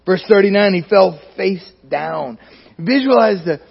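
High, gravelly-voiced man preaching. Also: expressive, measured pace. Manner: emphatic, dropping to near-quiet at phrase ends. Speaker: pastor. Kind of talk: sermon. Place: church sanctuary. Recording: dull lo-fi recording.

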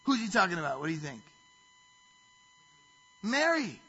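A man preaching a sermon in a high, forceful voice with a husky edge. He reads scripture aloud and keeps stopping to ask the listeners rhetorical questions. The recording sounds dull and lo-fi. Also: very animated, moderate pace, long pauses. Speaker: pastor.

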